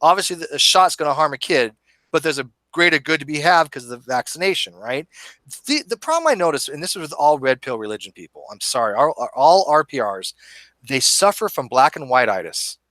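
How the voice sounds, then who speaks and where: A man hosting a live online debate show, talking in an animated, emphatic and argumentative way. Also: fairly high pitch, a little fast, no echo. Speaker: host. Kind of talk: casual debate chat.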